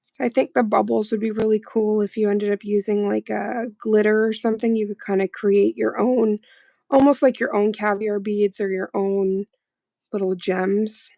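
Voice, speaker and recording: A woman's voice: mid-range voice, level tone, moderate pace, gravelly, dark tone, no room sound, low-quality recording. A woman hosting a casual livestream, chatting playfully and laughing often while doing nail art. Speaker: livestream host.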